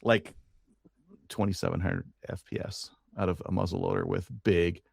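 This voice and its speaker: A man's voice: low voice, little pitch movement, moderate pace, creaky, husky, no echo, studio quality. A man co-hosting a podcast, chatting casually and rambling with fillers and restarts, from Canada. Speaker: podcast co-host. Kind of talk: casual chat.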